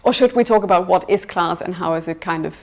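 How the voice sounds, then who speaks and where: A woman's voice: on the low side, fast talker. Woman lecturing casually in a seminar. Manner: conversational, many fillers and self-corrections. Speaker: university lecturer.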